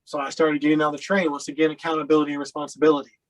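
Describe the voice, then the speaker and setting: A man's voice: fairly high pitch, level tone, rapid-fire, rough recording. A man from Colorado telling his personal story as an interview guest, loose and rambling with lots of fillers.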